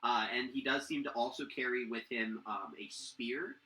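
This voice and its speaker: A man's voice: medium pitch, moderate pace, bright, forceful tone, reverberant, low-quality recording. A man narrating a tabletop game as game master, rambling with many fillers and restarts.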